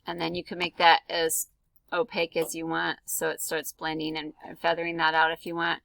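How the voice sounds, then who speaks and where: A woman's voice: deep voice, completely flat delivery, brisk, gravelly, fairly bright tone, no echo, rough recording. A woman art teacher talking through a drawing tutorial in a casual, chatty way, with many ums and likes. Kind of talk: screen-recorded drawing tutorial.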